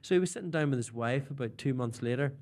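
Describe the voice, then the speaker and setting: A man's voice: medium pitch, fast, darkish tone. A young man with a Northern Irish accent, a comedian guest telling stories in a radio interview. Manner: chatty storytelling, slipping into mimicked voices.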